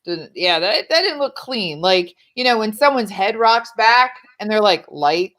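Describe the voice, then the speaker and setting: A woman in casual chat, telling animated stories, acting out quoted lines, swearing and laughing often. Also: mid-range voice, normal speed. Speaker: podcast guest.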